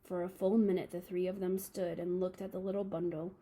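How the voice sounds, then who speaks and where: A woman reading a children's novel aloud to a class, calm and steady with small slips. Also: fairly low pitch, brisk, slightly rough, low-quality recording.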